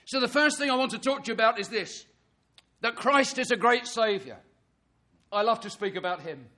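A man's voice: very high-pitched, normal speed, bright, forceful tone. A man preaching an earnest sermon, reading scripture and pressing his listeners with emphatic rhetorical questions.

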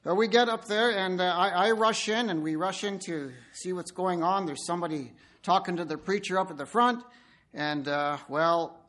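High-voiced man preaching a lively sermon. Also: normal speed. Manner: animated storytelling, addresses listeners directly.

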